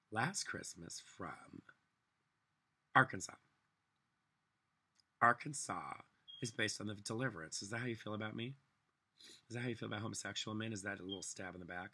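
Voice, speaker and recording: A man's voice: on the low side, measured pace, pauses often, bright, forceful tone. A man delivering a solo political rant, angry, profane and sarcastic. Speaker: vlogger.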